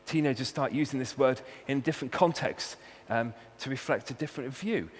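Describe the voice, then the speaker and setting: A man's voice: mid-range voice, brisk, husky. A man with a Welsh accent, a university researcher giving a humorous talk and hitting key words with punchy emphasis. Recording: long hall reverb, faint hum.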